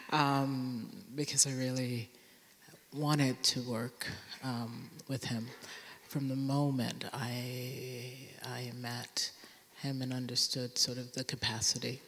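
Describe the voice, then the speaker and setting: Woman guest speaker; very slow, measured, soft delivery with long hall reverb. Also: deep voice. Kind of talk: onstage conversation. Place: large theater.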